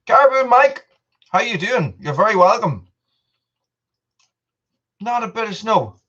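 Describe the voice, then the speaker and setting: A chatty man from Britain hosts a casual live stream from home, greeting viewers and eating popcorn between lines. His voice sits a little high. The sound is dull and lo-fi. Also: very animated, unhurried, pushed and bright. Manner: chatty, reads out viewer names, eats popcorn while talking. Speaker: livestream host.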